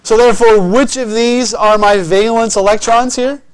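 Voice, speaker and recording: A man teaching a chemistry lesson in a classroom, his voice sitting quite high. He keeps encouraging the students and checks often that they follow. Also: steady tone, moderate pace, clean tone. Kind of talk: classroom lecture.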